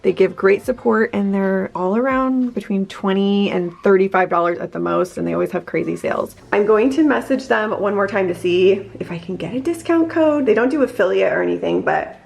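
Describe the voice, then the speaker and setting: A woman's voice: mid-range voice, lively intonation, a little fast, vocal fry, few pauses, a little mellow. A woman in her thirties chatting casually to camera in a lifestyle vlog, bubbly and talking straight to her viewers. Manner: chatty, bubbly, addresses viewers as "you guys". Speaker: vlogger, working mom.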